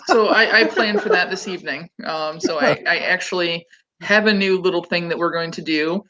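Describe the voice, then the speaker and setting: A woman's voice: on the low side, normal speed, pushed and bright, lo-fi sound. A woman hosting a casual livestream, chatting loosely with many ums and restarts. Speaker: host.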